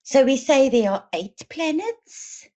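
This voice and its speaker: A woman leads a teacher training webinar, speaking slowly and with deliberate emphasis. Her pitch rises and falls in a lively way as she reads aloud and explains. The audio is dull and lo-fi, as over an online call. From South Africa. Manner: slow, deliberate, emphatic delivery addressing teachers. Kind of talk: instructional webinar with read-aloud demonstration. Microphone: online webinar mic.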